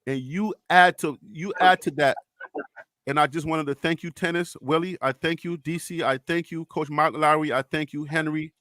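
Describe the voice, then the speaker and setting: Impassioned high-voiced man hosting a livestream. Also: steady tone, normal speed, a bit bright, dry recording, studio quality. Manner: impassioned, repeats himself, preacher-like cadence. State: emotional. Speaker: livestream host. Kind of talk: emotional livestream talk.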